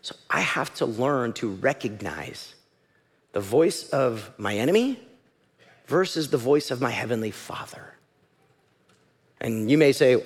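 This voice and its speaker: A man's voice: medium pitch, sing-song, normal speed, slightly rough. A man preaching a sermon as pastor, conversational and emphatic, voicing quotes to make his points. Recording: reverberant hall.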